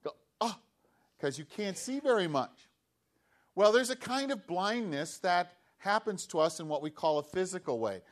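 Male pastor, children's message; lively storyteller, slightly high voice, keeps asking the kids questions. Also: normal speed. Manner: animated, asks children questions, acts out voices.

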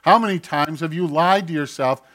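A man preaching a sermon, swinging from loud mocking outbursts to quiet asides and acting out quoted voices. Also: a little high, normal speed. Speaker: pastor.

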